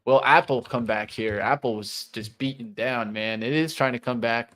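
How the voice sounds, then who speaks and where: A man's voice: medium pitch, moderate pace, fairly bright tone. A man co-hosting a live trading show, giving running play-by-play of price moves and his trades. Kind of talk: live market commentary.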